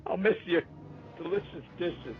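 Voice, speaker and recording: A man voicing a panicked male bounty hunter who begs for his droid chef, stammering and high-strung. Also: animated, a little slow, phone-quality sound, faint music behind, close to an everyday voice. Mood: sobbing farewell.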